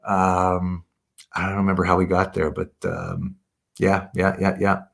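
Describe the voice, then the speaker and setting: A man's voice: deep voice, monotone, measured pace, creaky. A man from Canada, a voice artist being interviewed, telling a story in a rambling, self-correcting way and often repeating "yeah, yeah".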